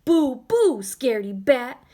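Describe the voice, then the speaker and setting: A woman voicing a little boy ghost in a storybook, shouting in a high voice. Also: big pitch swings, slow, full character voice. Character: little sad boy ghost learning to scare.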